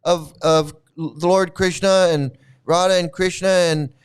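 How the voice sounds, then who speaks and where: A man's voice: high voice, steady tone, takes it slowly, clear, resonant tone. A man hosting his own channel, ranting angrily in a heated, profane, repetitive way. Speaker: channel host. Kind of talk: angry ranting vlog commentary.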